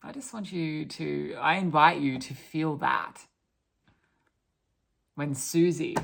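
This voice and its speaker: A woman's voice: low-pitched, takes it slowly, vocal fry, pauses often. A woman giving a channelled spiritual talk, earnest and restarting her sentences often.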